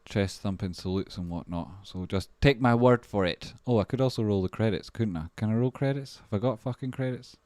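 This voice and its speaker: A man's voice: on the low side, fairly quick, few pauses, warm tone, no room sound. A man hosting a casual livestream, rambling and swearing freely as he reads out viewer names and thanks supporters. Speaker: livestream host.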